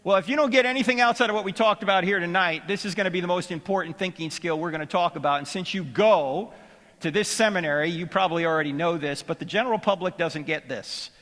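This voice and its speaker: A man's voice: sits high, fast talker, fairly bright tone, in a large hall. A middle-aged man giving a humorous seminary lecture, joking and quizzing his audience. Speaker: apologetics speaker. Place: lecture hall.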